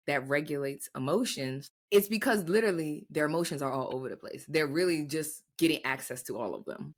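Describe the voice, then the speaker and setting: Young woman podcast cohost, kinda low voice, super animated, acts out what people say. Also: brisk. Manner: animated storytelling, acts out quotes. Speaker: podcast co-host. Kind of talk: casual chat.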